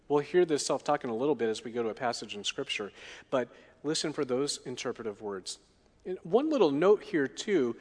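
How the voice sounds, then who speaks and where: A man preaching a sermon in a middle-pitched voice, putting questions to the congregation as he goes. His voice carries a long reverb from the hall. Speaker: pastor.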